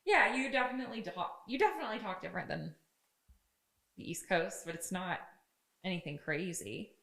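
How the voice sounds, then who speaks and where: A woman's voice: lowish voice, expressive, brisk, creaky, a bit bright, roomy sound. A woman co-hosting a podcast, chatting playfully and laughing easily. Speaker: podcast co-host. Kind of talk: casual chat.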